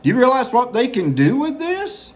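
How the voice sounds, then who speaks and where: A man's voice: very high voice, huge pitch swings, normal speed. A man hosting a political commentary show, sarcastic and mocking as he reacts to news. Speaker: host.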